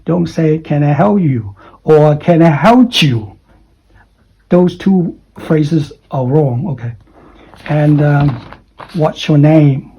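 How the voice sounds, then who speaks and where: A man's voice: a little high, slow, long pauses, slightly rough, highs cut off. A man teaching English pronunciation, explaining and repeating example phrases with many fillers. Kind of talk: online English pronunciation lesson.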